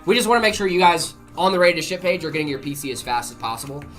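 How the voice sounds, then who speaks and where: A livestream co-host chats casually, rambling amiably and reading out viewer messages. His voice is slightly high and fairly bright, with lively intonation and a very fast pace. Soft music plays in the background.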